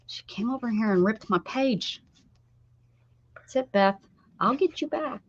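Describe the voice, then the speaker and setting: A woman's voice: a little high, lively intonation, a little slow. A woman hosting a craft livestream, chatting casually with viewers, laughing often and greeting them by name. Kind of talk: casual chat while crafting. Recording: dull lo-fi stream audio.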